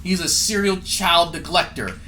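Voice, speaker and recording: A man's voice: a little high, a little slow, pushed and bright, slight background noise, rough recording. A man doing profane, mocking commentary as a streamer, sarcastic and swearing often.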